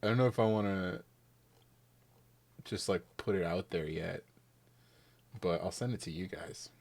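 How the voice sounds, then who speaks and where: A man's voice: low voice, unhurried, gravelly. A man hosting a podcast in casual chat, rambling and swearing freely, with lots of "like". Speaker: podcast host.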